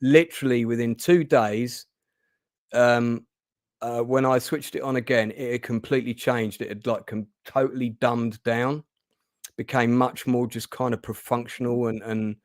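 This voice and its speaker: A man's voice: mid-range voice, steady tone, moderate pace, no echo. Chatty male podcast host, dry sound. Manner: chatty, rambling, many fillers and restarts. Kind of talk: casual interview chat.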